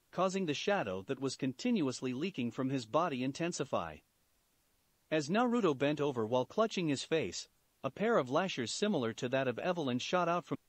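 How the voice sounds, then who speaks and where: A man narrating a fan fiction story in an animated storytelling manner. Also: fairly high pitch, no room sound. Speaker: story reader.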